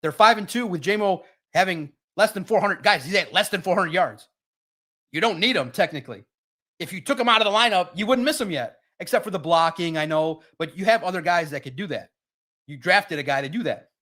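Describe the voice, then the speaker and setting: A man's voice: high voice, lively intonation, a little fast, bright, forceful tone. A man hosting a live sports stream, talking casually and with energy straight to his chat viewers. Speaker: sports livestream host.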